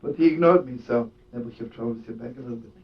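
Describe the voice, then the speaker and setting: Racing along in a gravelly voice, a rabbi and storyteller tells a story as his sermon, full of Yiddish words and laughter. The audio comes from a distant, dull lo-fi recording with a faint rumble.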